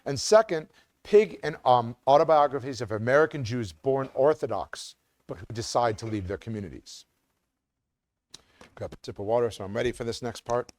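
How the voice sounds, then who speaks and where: A man's voice: mid-range voice, animated, normal speed, no room sound. A middle-aged man giving a community lecture as an academic, speaking with occasional ums and restarts. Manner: reads quotes with sing-song emphasis, some restarts and ums.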